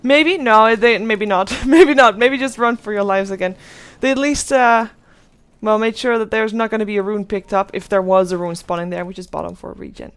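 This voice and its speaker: A woman's voice: mid-range voice, moderate pace, clear, resonant tone. A woman casting a live esports match as play-by-play commentator, chatty and thinking aloud. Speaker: esports caster.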